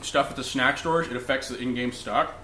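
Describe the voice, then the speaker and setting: A young man, a podcast co-host, chatting casually about games, excitable and profane, acting out voices in his stories. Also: mid-range voice, a little fast, echoey room, slight background noise. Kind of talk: casual gaming chat.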